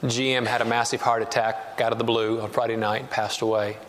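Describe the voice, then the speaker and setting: A man's voice: mid-range voice, little pitch movement, a little fast, a bit bright. A man preaches a sermon from the pulpit, moving from a personal story into scripture and rising to emphatic passages. His voice carries a long reverb from a large church hall. A faint hiss sits underneath. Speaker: pastor.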